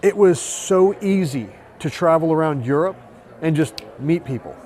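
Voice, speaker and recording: A man, a tattoo artist, telling travel stories in casual chat, animated and profane. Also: fairly high pitch, moderate pace. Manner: profane, animated storytelling with quoted voices. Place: busy tattoo convention.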